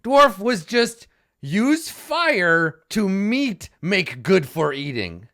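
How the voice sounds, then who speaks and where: A man voicing a calm, wise male gnoll who talks slowly in broken English. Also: high-pitched, voice pushed up, full character voice. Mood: scolding. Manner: slow broken-English phrasing.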